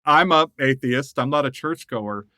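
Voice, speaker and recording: A middle-aged man from the United States tells stories with a bright edge to his voice. He is animated and laughs often, and the sound is dry and close to the mic. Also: medium pitch, moderate pace, no room sound. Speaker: guest writer. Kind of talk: conversational interview storytelling.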